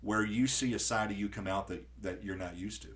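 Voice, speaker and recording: A man hosting a podcast in casual conversation, who tells stories with lively acted-out quotes and frequent restarts. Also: lowish voice, fairly quick. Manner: animated storyteller acting out quotes. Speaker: podcast host.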